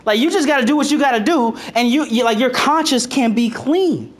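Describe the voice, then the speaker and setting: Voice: sits high, brisk. A preacher giving a casual, conversational sermon. Reads scripture aloud, then retells it in slang, with frequent "like", restarts and laughter. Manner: loose and chatty, heavy use of "like", repeats phrases; laughs often between points.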